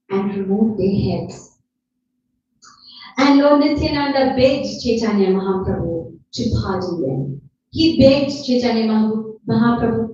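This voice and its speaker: Woman giving a slow devotional talk, echoey. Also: on the high side, animated, warm tone, a little hiss or hum. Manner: earnest, pleading, repeats phrases for emphasis. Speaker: speaker at a devotional gathering. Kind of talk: devotional talk retelling stories. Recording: distant, dull, echoey hall recording.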